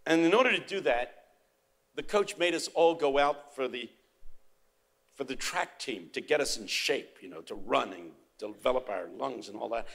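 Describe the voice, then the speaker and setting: An older man preaching a sermon, moving from quiet storytelling to loud, emphatic proclaiming. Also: mid-range voice, expressive, moderate pace. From United States.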